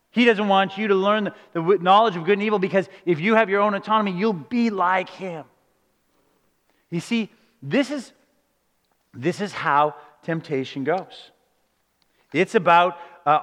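A man's voice: high voice, a bit bright. A man preaching a sermon in an earnest style, asking rhetorical questions and building to emphatic points. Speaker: pastor. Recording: long hall reverb.

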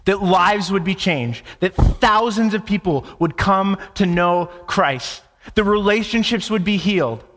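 Guy preaching, repeats himself for emphasis, kinda high voice, big echoey hall. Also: lively intonation, a little slow, hardly any pauses, a bit bright, faint music behind. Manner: impassioned, repetitive emphasis, stammering restarts. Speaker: pastor. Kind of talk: sermon.

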